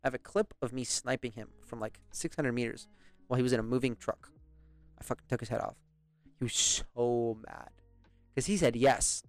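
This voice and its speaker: A man's voice: mid-range voice, steady tone, normal speed, no echo, faint music behind. A young British man rambling through a story in casual podcast chat, swearing and laughing often. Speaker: podcast host.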